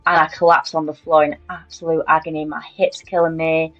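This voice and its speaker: A woman with a lowish voice talks candidly through her own story in an interview. Her delivery is chatty and full of fillers. The recording is dull and lo-fi, with faint music underneath. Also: flat delivery, a little fast.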